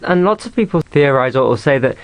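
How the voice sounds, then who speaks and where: A man interviewing voice actors, asking halting, curious questions. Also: medium pitch, animated, clean tone, no echo.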